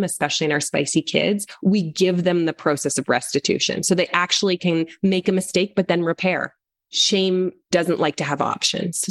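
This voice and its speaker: A middle-aged woman with a fairly low-pitched voice speaks as a parent coach in a podcast interview. She talks earnestly and with energy. She slips into small acted-out voices when she quotes parents and children. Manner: earnest, animated, acts out little quoted voices.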